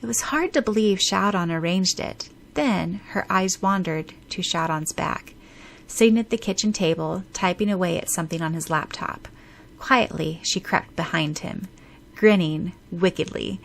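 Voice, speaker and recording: A woman narrating a fan fiction audiobook in a brisk storytelling manner. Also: fairly low pitch, vocal fry, slight background noise.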